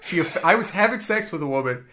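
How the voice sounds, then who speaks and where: Laughing at himself through a filler-heavy story, a man co-hosts a crude casual comedy podcast. He talks fast, and his voice is expressive and on the high side. Background noise can be heard.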